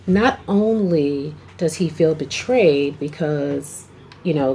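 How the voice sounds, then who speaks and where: A low-pitched woman talks slowly through a tarot reading, rambling and checking in with her viewers. The recording carries clear background noise. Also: mellow. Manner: chatty, rambling, says okay often. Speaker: tarot reader. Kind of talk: casual tarot reading to camera. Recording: noisy home video recording.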